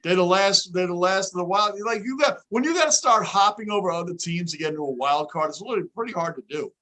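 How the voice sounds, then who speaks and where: A man hosting a live baseball watch-along chat. He talks in an animated way and yells when big plays happen. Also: high voice, fast talker. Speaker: host.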